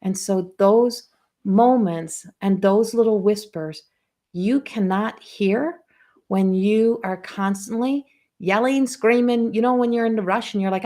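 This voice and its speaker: A woman's voice: mid-range voice, measured pace, mellow. A woman spiritual coach giving a casual live-stream talk, telling personal stories in a rambling way with frequent restarts.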